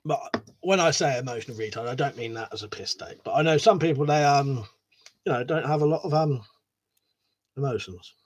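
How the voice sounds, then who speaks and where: A man's voice: medium pitch, fairly quick. A man hosting a casual live stream, rambling, swearing a lot and laughing as he reads out viewer comments. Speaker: livestream host.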